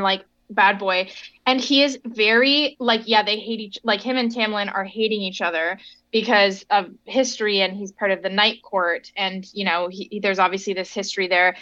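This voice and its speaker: A woman co-hosting a casual book podcast, gushing and animated as she reads out passages. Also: medium pitch, dull audio. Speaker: podcast co-host.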